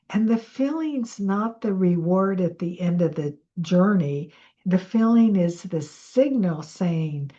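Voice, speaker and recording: A woman coach leading a slow guided breathing and affirmation exercise in a soothing way. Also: on the low side, expressive, warm tone, dull audio. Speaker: manifestation coach.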